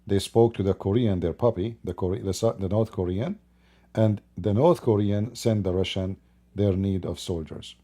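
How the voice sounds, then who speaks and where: Male host, solo commentary into his own mic, low and mellow, insistent and repetitive. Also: moderate pace. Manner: emphatic, builds repetitive lists. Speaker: channel host commenting on politics. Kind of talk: unscripted commentary monologue. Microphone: own microphone.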